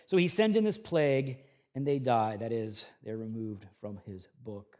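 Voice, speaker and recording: Speaking at normal speed, a pastor gives an expository sermon that alternates between quiet, low reflection and raised, urgent emphasis. He paraphrases scripture in a conversational tone.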